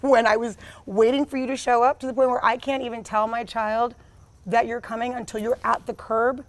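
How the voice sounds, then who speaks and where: Woman, 30s, interview guest; blunt, emphatic, fairly high voice, heavy on fillers. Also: flat delivery, a little fast. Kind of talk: candid personal conversation.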